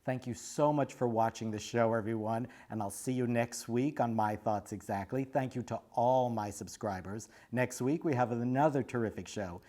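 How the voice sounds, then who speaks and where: A man's voice: mid-range voice, normal speed, few pauses, mellow. A man hosting an online talk show over a video call, earnest and effusive with his thanks. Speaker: show host.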